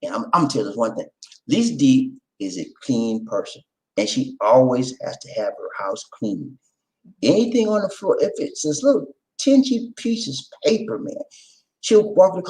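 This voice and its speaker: A middle-aged man hosting a casual livestream chat, animated, swinging between low murmurs, shouts and bits of song. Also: a little fast. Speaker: channel host.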